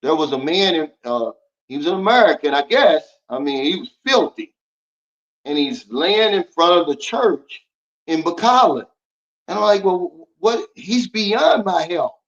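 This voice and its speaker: A man's voice: fairly high pitch, expressive, normal speed, a bit bright, highs cut off. A man hosting a livestream, talking bluntly and preachily while reading out and answering viewer comments. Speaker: livestream host. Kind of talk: casual livestream talk.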